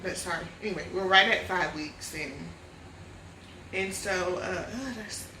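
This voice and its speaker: A woman vlogger telling a personal story in a lively casual way, often calling her viewers y'all. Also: fairly low pitch, unhurried, roomy sound, far from the mic, slight background noise, poor audio. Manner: animated, addresses viewers as y'all.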